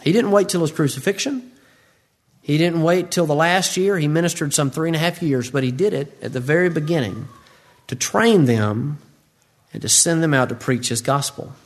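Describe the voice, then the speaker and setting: A man preaching a sermon, acting out the voices of Bible figures with big swings in pitch. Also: normal speed.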